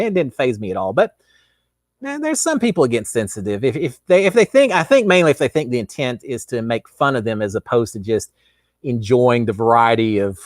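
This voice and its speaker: A middle-aged man with a Texan accent runs a casual live chat, fielding viewer questions in a meandering style packed with fillers and restarts. His voice is a little high, captured in clean studio sound without room sound.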